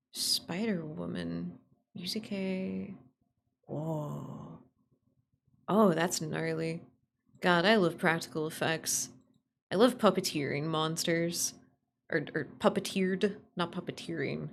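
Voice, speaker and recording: Woman streamer, somewhat low pitch, playful teasing chat, laughs often. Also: creaky, a little hiss or hum. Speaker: VTuber streamer. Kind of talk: casual live-stream chat.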